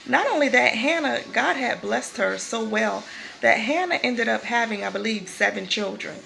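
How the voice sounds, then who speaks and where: A woman's voice: on the high side, lively intonation, moderate pace, vocal fry, bright, forceful tone, a little hiss or hum, rough recording. A woman giving a casual spoken devotional, talking in a conversational way that repeats and restarts phrases. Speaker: vlogger giving a faith talk.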